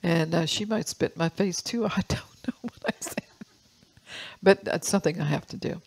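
An older woman pastor preaching a sermon, reading scripture slowly and telling personal stories with laughs. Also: lowish voice, a little mellow, breathy edge, rough recording.

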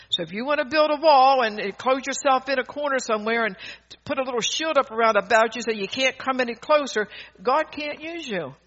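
A woman preacher with a fairly high, fairly bright voice delivers a fervent, emphatic sermon. She rambles, frequently laughing mid-sentence and starting her sentences over. The recording is dull and lo-fi.

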